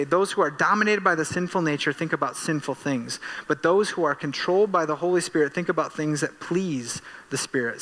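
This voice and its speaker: A man delivers a sermon from a church stage, his voice bright and forceful. He tells animated, self-deprecating stories and his energy climbs. A long reverb from the hall trails behind each phrase. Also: on the high side. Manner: animated, self-deprecating storytelling with rising excitement. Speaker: pastor. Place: church sanctuary.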